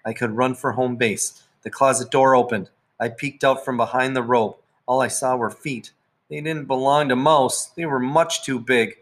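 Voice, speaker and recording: A man's voice: medium pitch, a bit bright. A young man reading a first-person children's chapter book aloud as its narrator. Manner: first-person storytelling, lifting his voice for the children's lines. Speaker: audiobook narrator.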